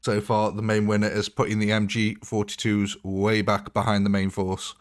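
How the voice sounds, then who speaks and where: A man with a fairly low voice talks through a game as he streams it live. His delivery is casual and rambling, with little asides and frequent chuckles. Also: monotone, normal speed, clear, resonant tone. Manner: chatty, laughs often, thinks aloud while playing. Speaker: gaming livestreamer.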